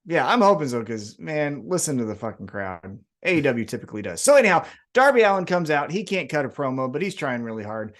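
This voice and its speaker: Sardonic man recapping with a lively voice. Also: fairly high pitch. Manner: profane, sardonic recapping with quick voiced paraphrases. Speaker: podcast co-host. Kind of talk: casual wrestling podcast chat.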